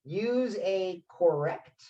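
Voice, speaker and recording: A man's voice: high-pitched, lively intonation, drawn-out words, dark tone, dull audio. A man teaching a public speaking lesson online over a video call, keeping his delivery upbeat and acting out the voices in his examples. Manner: upbeat, acts out quoted voices.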